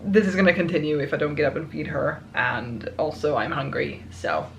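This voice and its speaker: Chatty woman, gravelly low voice, echoey room. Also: animated, normal speed, a bit bright, highs cut off, a little hiss or hum. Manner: rambling, self-amused, chatty. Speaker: writing vlogger. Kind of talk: casual chat.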